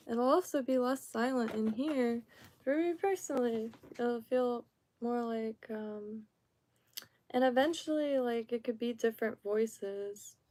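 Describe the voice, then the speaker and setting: A woman streamer from Florida chats in a slow, unhurried way, her voice mellow and soft. She rambles, trails off and starts over, sitting a little high in pitch. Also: a little hiss or hum. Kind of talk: casual live-stream chat.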